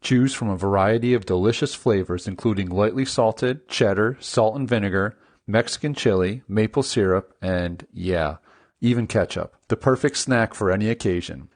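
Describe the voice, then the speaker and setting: A man's voice: lowish voice, moderate pace, lightly acted. A man doing a mock popcorn ad announcer. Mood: salesy. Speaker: ad reader. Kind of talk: mock radio ad read.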